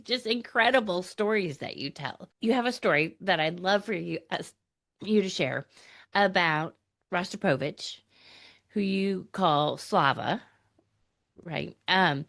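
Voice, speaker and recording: A woman's voice: fairly low pitch, measured pace. Encouraging woman podcast host. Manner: warmly encouraging, laughs along. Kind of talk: casual interview chat.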